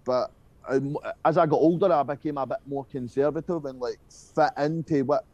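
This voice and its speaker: A man's voice: fairly high pitch, moderate pace, a little mellow, no echo, lo-fi sound. A young Scottish man telling stories from his school days in a casual interview, rambling and swearing, full of fillers. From Scotland. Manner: rambling, profane, with frequent fillers. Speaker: guest musician.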